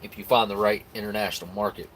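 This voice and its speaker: A man's voice: lowish voice, fairly even intonation, fast, fairly bright tone, a little hiss or hum. An American man hosting a live stream, chatting casually and rambling easily as he reacts to viewer comments. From United States. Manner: rambling, easygoing, with frequent restarts and laughs.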